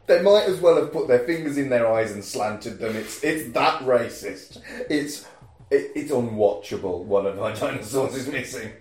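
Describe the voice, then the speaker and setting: A man chatting about a film with animated, sweary reactions as a podcast co-host. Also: mid-range voice, normal speed, roomy sound. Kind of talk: casual film recap chat.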